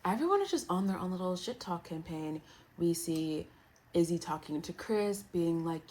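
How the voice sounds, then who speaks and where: A woman recapping a reality show in a casual, animated, playful way. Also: fairly low pitch, moderate pace, slight background noise. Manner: animated, playful, quotes others in put-on voices.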